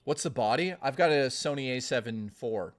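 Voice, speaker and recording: A man's voice: medium pitch, animated, noisy background. A man chatting casually on a live stream, thanking viewers and rambling into profane rants. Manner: rambling, profane, quick to rant. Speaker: livestreamer.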